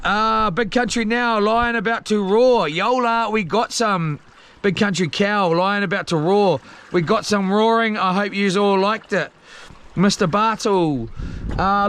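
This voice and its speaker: High-voiced New Zealand livestreamer, slow. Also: male voice, fairly even intonation, a bit bright, clear, resonant tone. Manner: laid-back, slangy, rambling with fillers. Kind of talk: casual live-stream chat reading viewer comments. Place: small boat on the sea.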